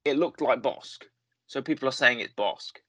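A man's voice: medium pitch, normal speed, fairly bright tone, no room sound. A man hosting a casual review conversation, talking in a rambling way and often correcting himself with fillers. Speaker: podcast host reviewing a series.

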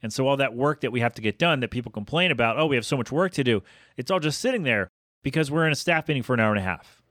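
Fast-talking chatty male podcast host. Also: mid-range voice, lively intonation, fairly bright tone, no room sound, studio quality. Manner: fast, self-interrupting, chatty. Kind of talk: rambling solo podcast monologue.

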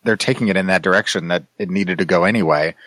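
A man's voice: deep voice, fast talker, fairly bright tone, dry recording. A man on a casual podcast, thinking aloud and restarting his sentences as he makes his point. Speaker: podcast co-host.

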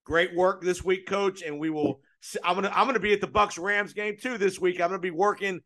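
A man's voice: high-pitched, steady tone, brisk, bright, forceful tone. A man hosting a sports radio show, interviewing a coach in a chatty way with loose, restarting phrasing.

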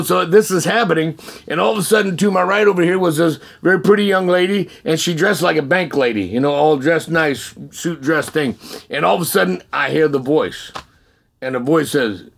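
A man telling his testimony in a casual, animated way, often laughing and acting out the dialogue. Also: on the high side, brisk, vocal fry. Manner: animated, laughing storyteller who acts out dialogue. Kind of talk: casual spoken storytelling.

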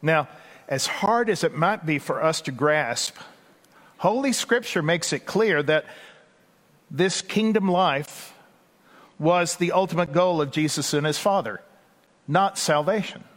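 Folksy Texan pastor, male, fairly high voice, preaching in a big echoing church. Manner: conversational, folksy, with asides and quick bursts. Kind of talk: sermon. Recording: long hall reverb.

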